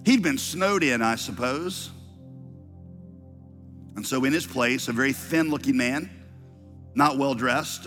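A man's voice: medium pitch, fairly bright tone. A man preaching a sermon, retelling and reading an old account with growing fervor. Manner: storytelling, reads a quoted account with rising fervor. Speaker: pastor. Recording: large hall reverb with faint music.

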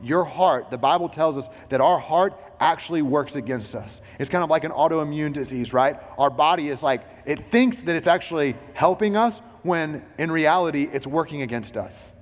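A man's voice: on the high side, moderate pace, hardly any pauses. Guy pastor preaching, chatty and loose, lots of like and you know, big echoey church hall. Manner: conversational, frequent "like" and "you know". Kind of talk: sermon.

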